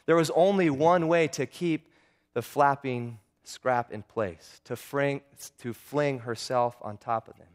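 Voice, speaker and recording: A man narrating a true-life story in an earnest way, now and then stumbling and repeating words. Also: medium pitch.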